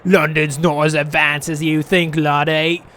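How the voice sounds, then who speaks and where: Gruff, impatient woman artificer with a put-on Yorkshire accent, loud and high-pitched, voiced by a man. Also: flat delivery, a little slow. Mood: retorting. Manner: loud, huffy, clipped.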